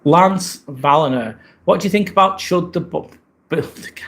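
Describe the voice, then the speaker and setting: A British man with a voice on the high side speaks unhurriedly while hosting a casual live stream. He chats in a relaxed, rambling way, often thanking viewers as he reads their comments.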